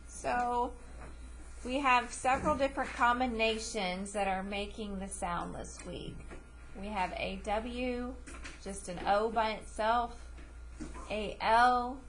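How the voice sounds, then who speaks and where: Elementary teacher, woman, slightly high voice, unhurried classroom delivery with clear repeated sounds, faint room hiss. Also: fairly bright tone. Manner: patient, slow, repeats each word and sound clearly. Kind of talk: classroom spelling lesson.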